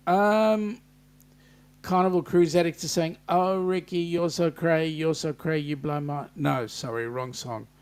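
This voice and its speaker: Slow-talking Australian man hosting a live stream. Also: high voice. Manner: reads out viewer comments with teasing banter. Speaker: host.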